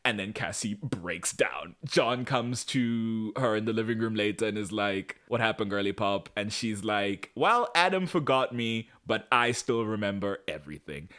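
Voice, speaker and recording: A man co-hosting a podcast, recapping a TV episode in casual chat, sarcastic and quick to act out the characters. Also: fairly low pitch, animated, bright, forceful tone. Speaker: podcast co-host.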